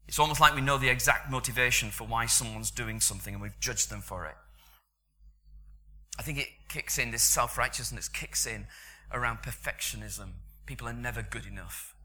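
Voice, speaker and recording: This middle-aged British preacher tells his sermon like a story, conversational and dotted with chuckling asides, in a bright, forceful mid-range voice at normal speed.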